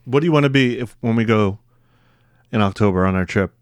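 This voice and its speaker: Easygoing dad co-host, fast and animated delivery, dry close sound. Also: male voice, on the low side, clean tone, no room sound. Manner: easygoing, laughs often, playful. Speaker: podcast co-host, parent of the child host. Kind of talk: casual family podcast chat.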